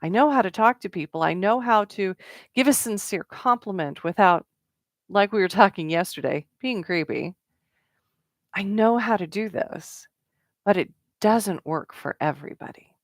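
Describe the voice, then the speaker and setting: A woman's voice: mid-range voice, lively intonation, normal speed, no echo, studio quality. A middle-aged woman talking casually as a networking coach, with many fillers and quoted asides. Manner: conversational with fillers and acted-out quotes. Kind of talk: casual talk to camera.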